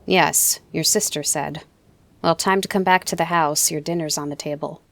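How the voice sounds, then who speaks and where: A woman's voice: low-pitched, steady tone, normal speed, vocal fry, slight background noise. A woman voicing a stern, irritated middle-aged father who scolds his son. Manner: loud, scolding.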